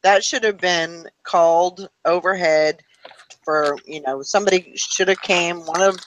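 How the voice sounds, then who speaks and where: A man's voice: high voice, steady tone, measured pace, noisy background. A man co-hosting a casual chat, mostly chiming in with short agreement. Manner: agreeing listener with short replies. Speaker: co-host.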